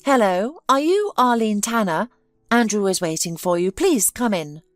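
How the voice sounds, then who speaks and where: Woman doing a sweet polite young secretary, lively tone, dry close sound. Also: medium pitch, normal speed, dry recording, soft background music, natural voice.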